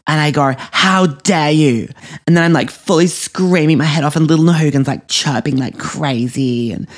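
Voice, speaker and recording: A man's voice: a little high, moderate pace, lightly acted. A man playing a vain, entitled young woman. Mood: indignant. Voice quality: filler-heavy, constant "like" and "um". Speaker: comedy podcast character. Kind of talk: scripted comic monologue.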